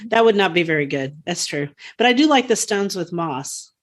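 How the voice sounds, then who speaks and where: A woman's voice: lowish voice, expressive, normal speed. A woman co-hosting a podcast in casual chat, talkative and rambling, with frequent laughs and fillers. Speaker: podcast co-host.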